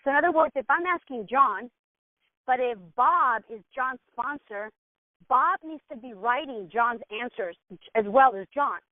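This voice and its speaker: Woman coaching a team, chatty with lots of "you know", higher voice, sounds like an old phone line. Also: lively intonation, measured pace, no echo. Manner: conversational, acts out sample dialogues, many fillers. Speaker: business mentor. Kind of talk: informal training talk. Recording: tinny phone-like dry sound.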